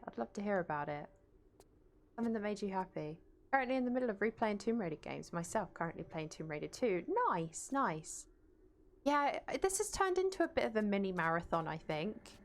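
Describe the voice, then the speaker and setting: A woman streamer chats casually from a room at home, speaking into a desk mic while she plays. Her voice sits at an ordinary middle pitch. She greets viewers and answers chat aloud. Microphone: desk mic, no webcam.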